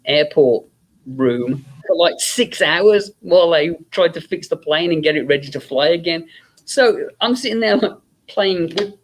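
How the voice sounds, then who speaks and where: A man telling anecdotes in a casual chat, acting out the voices of people in his stories and laughing often. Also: fairly high pitch. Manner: animated storyteller, acts out quoted voices, laughs often. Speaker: guest filmmaker.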